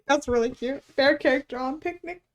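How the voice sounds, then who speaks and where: The recording is muffled, but her voice comes through high-pitched and brisk. She's an art streamer making casual conversation while she draws, with plenty of self-teasing, casual cursing and laughter.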